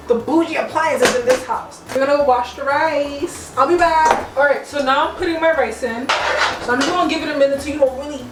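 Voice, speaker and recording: A young woman cooking at home and chatting playfully to her viewers in a casual, slangy way. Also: high voice. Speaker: cooking vlogger. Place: home kitchen. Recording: echoey kitchen, mic at a distance. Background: music playing.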